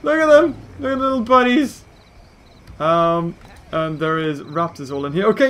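A man narrating a game in a high voice that leaps up and down as he exclaims at every turn. He keeps up a running let's-play commentary, quick to gasp and cheer. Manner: excitable, exclaiming at the action. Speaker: gaming video host.

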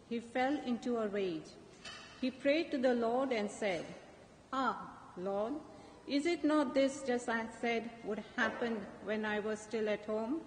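Female lector, slow careful scripture reading, higher voice, echoey church. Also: darkish tone. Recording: echoey church with faint noise.

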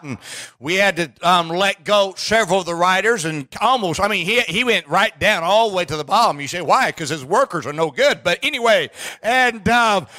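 A man preaching a sermon in a church, emphatic, with frequent restarts and bursts of shouting. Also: high-pitched. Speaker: pastor. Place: church sanctuary.

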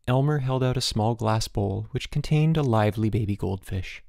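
Gravelly, expressive male audiobook narrator. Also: lowish voice, normal speed, hardly any pauses, no echo, studio quality. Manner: expressive storytelling. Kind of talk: scripted narration.

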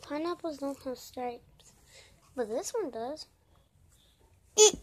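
A high-pitched woman voices a whole group of characters in a homemade story. She is brash and swears freely, and her speech comes slow and drawn out. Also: expressive, slight background noise. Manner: brash, swears often, switches between shouting and mumbling. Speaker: voice-over creator.

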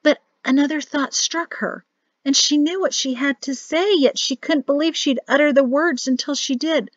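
A woman's voice: high voice, normal speed, no room sound, muffled recording. A woman narrating a novel as an audiobook reader, reading expressively. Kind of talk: scripted narration.

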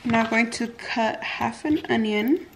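A woman's voice: on the high side, measured pace, over music. A woman vlogger casually talking through each cooking step in her home kitchen. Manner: relaxed, talks through each step as she works. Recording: kitchen noise with clicks and clatter.

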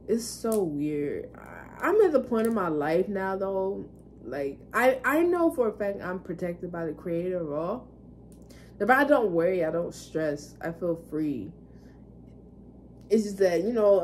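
A woman's voice: mid-range voice, a little mellow, a little hiss or hum. A woman vlogger casually recounting personal experiences in a candid, rambling way, cursing now and then. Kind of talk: casual storytelling monologue.

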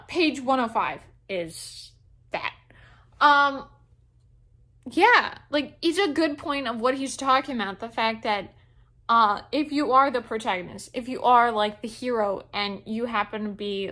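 A young woman casually reviewing a book, chatty and opinionated, with plenty of fillers. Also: a little high. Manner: expressive, opinionated.

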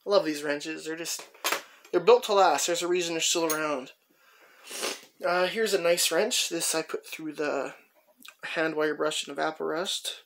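In a casual show-and-tell, a tool collector with a slightly high, gravelly voice walks through his finds at a relaxed pace. He's chatty and rambling, dropping lots of "uh" pauses as he handles each tool, and the sound is a bit bright.

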